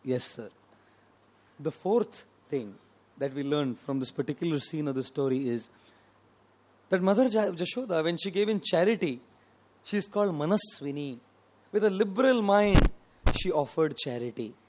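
Man preaching emphatically, fairly high voice. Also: expressive, moderate pace, pauses often, low-quality recording. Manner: emphatic, repetitive, swelling and dropping in loudness. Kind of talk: devotional sermon.

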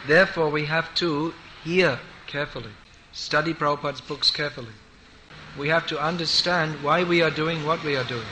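A man's voice: a little high, moderate pace, pushed and bright, slight background noise, low-quality recording. A man giving a sermon, telling stories with emphatic repetition. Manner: emphatic storytelling, repeats for stress. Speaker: preacher.

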